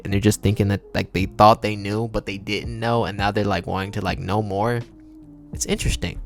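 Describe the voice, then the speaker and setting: Laid-back gravelly man, low voice. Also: a little mellow. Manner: laid-back, chatty, laughs often, slangy. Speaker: podcast host and singer. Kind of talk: casual solo podcast monologue.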